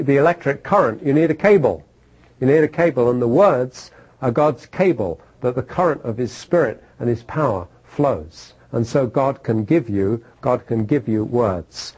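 A man's voice: mid-range voice, darkish tone, slightly rough, low-quality recording. A man preaching a sermon, repeating phrases for emphasis and asking his listeners questions.

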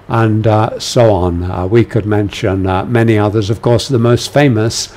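A man teaching a lecture on a biblical book, measured and full of "uh" fillers. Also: lowish voice, fairly even intonation, darkish tone. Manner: gives quoted commands with raised force. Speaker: Bible teacher.

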